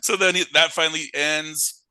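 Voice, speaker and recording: A young man co-hosting a podcast, casually recapping a horror movie with animated acted-out quotes. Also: a little high, moderate pace, clean tone, no echo, rough recording. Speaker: podcast co-host.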